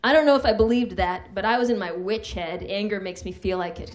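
A woman's voice: mid-range voice, a little fast. A woman hosting a live comedy night, reading her own humorous essay with a wry delivery that builds to mock outrage.

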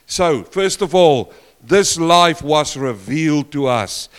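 Older pastor preaching. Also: male voice, a little high, animated, slow, clean tone. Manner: asks the congregation questions, shifts between loud and soft. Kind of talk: sermon. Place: church.

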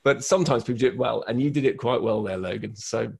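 A British man hosting a radio interview, chatty and quick to laugh, with a self-deprecating manner. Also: mid-range voice, creaky, a little mellow, husky. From United Kingdom. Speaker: radio host. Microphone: studio microphone, guests on a video call.

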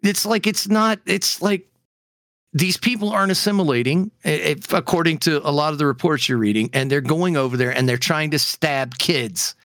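A man's voice: on the high side, moderate pace, fairly bright tone, no echo, clean studio sound. A man co-hosting a podcast, ranting heatedly in casual chat with frequent fillers. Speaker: podcast co-host.

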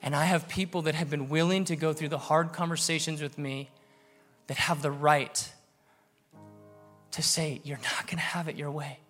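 A man's voice: on the high side, fairly even intonation, moderate pace, fairly bright tone, soft background music. A man in his thirties preaching a sermon, earnest and building to emphatic exhortation. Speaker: pastor.

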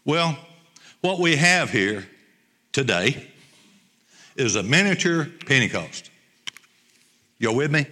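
Bright-voiced preacher in a hall. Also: male voice, mid-range voice, very animated, slow pace, long pauses. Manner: emphatic, repeats key phrases. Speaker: pastor. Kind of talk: sermon. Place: church sanctuary. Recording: long church hall reverb.

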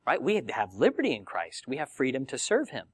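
A man's voice: mid-range voice, fairly quick, slightly rough, dry recording. A man preaching a sermon, teaching in a conversational way and acting out the voices of the people he quotes. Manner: animated, conversational Bible teaching with acted quotes.

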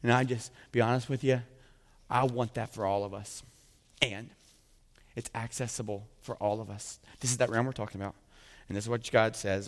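A man preaching a sermon in an animated way, acting out the dialogue of the figures he talks about and often asking "right?" of his listeners. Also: lowish voice, a little fast. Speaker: pastor. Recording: long hall reverb.

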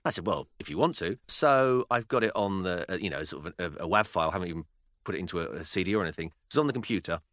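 A British man in his thirties co-hosting a casual podcast, telling animated stories with laughter and acted-out quotes. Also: deep voice, very fast, no echo, studio quality. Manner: animated storyteller, laughing, acting out his kids' lines. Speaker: podcast co-host. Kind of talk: casual chat.

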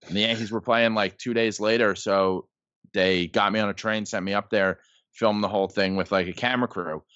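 Rambling thirty-something man, bright voice. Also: fairly low pitch, fairly even intonation, a little fast, no room sound. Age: 30s. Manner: rambling, heavy use of "like" and "um". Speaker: podcast guest. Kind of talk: casual storytelling. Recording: dull lo-fi podcast audio.

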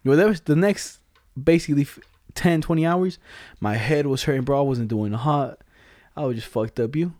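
Young guy chatting with his friend, slangy, laughs a lot, mellow voice, dry room. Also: a little high, normal speed, few pauses, no room sound. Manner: slangy, animated retelling with lots of laughter. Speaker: storyteller friend. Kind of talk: casual chat.

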